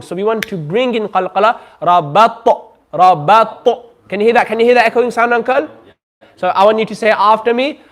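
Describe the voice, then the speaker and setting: A man teaching a Quran recitation class, patiently drawing out sounds slowly for students to repeat. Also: high voice, fairly bright tone. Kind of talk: classroom lesson. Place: community centre classroom.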